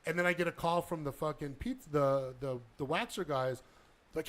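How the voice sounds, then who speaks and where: A man's voice: on the high side, a little fast. A man casually telling a long story on a podcast, acting out the dialogue and swearing a lot. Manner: animated storyteller, heavy swearing, acts out dialogue.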